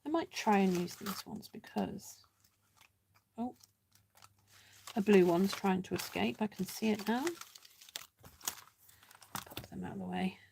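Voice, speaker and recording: Lady doing a live craft stream, slow and gravelly, chatty, mutters to herself as she works. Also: mid-range voice, darkish tone, a little hiss or hum. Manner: chatty, self-mocking, thinks aloud while working; chats to live viewers by name. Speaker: card-making host. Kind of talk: casual live craft demonstration.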